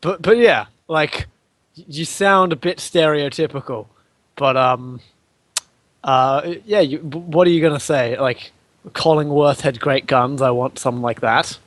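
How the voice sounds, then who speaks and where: A man's voice: a little high, measured pace, fairly bright tone. Rambling man running a tabletop game. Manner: rambling, hesitant, laughing often. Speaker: game master.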